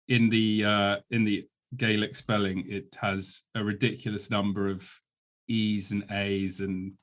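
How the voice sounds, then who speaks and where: Wry British podcast host. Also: male voice, lowish voice, flat delivery, fairly bright tone. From United Kingdom. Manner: wry, dry humor, deliberate. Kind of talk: casual podcast chat.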